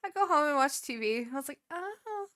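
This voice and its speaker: Bright-voiced young woman telling a story. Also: high voice, fairly quick. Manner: animated, swearing, acts out quotes. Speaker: podcast co-host. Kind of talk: casual storytelling chat.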